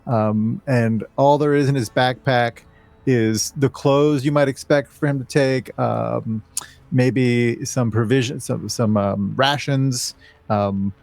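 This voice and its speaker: A man narrating a tabletop game as game master, loose and relaxed, with many pauses and fillers. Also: medium pitch, vocal fry, dry recording.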